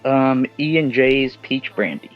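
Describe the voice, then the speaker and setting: A man's voice: medium pitch, measured pace, soft background music. A man calling into a live stream, answering in a hesitant, unsure way. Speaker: caller. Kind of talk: casual live-stream chat. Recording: dull lo-fi call audio.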